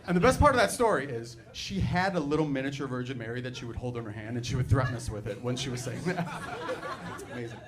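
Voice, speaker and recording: Animated middle-aged male stand-up comic. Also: mid-range voice. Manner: animated, chatty storytelling with frequent "like" and "right". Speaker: stand-up comedian. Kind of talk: stand-up comedy set. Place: comedy club stage. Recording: live club recording, background noise.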